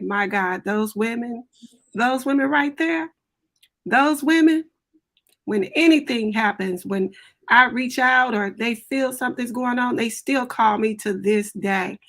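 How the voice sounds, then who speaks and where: A woman's voice: mid-range voice, fairly bright tone. A woman on a grief panel speaking emphatically and devoutly, repeating key phrases. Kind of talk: personal testimony.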